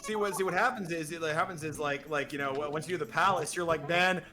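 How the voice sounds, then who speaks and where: Joking high-voiced man. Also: steady tone, bright, forceful tone. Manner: goofy, joking, bursts of fast talk. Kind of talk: casual group chat.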